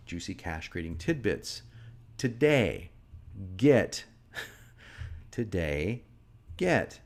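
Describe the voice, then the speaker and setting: A middle-aged man with a somewhat low voice explains sales copy line by line. He talks in a lively, self-critiquing way and chuckles often as he teaches. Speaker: marketing instructor. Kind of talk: teaching with his own sales script.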